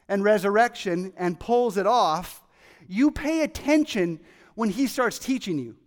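Excitable high-voiced preacher in a reverberant hall. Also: male voice, a little slow. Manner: excitable, animated, acts out quoted voices. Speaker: pastor. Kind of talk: sermon. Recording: long reverb of a large hall.

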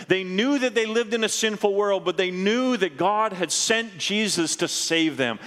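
A man preaching a sermon, telling a story earnestly and dropping low and slow at solemn moments. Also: fairly bright tone, long reverb tail. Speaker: pastor.

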